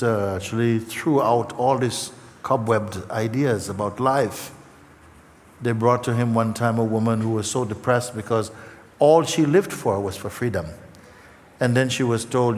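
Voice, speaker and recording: A man giving a gentle spiritual talk to an audience, slow and halting, with many fillers and repeated words, emotional at times. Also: mid-range voice, slight background noise. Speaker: spiritual teacher. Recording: hall reverb, faint ambience.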